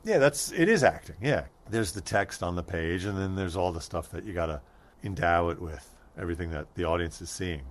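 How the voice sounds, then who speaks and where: Low-ish guy in a podcast chat, thinks out loud, restarts a lot, dry jokes. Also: animated, a little fast. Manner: thoughtful, restarts mid-thought, dry humor. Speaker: stand-up comedian, guest. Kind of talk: casual interview chat.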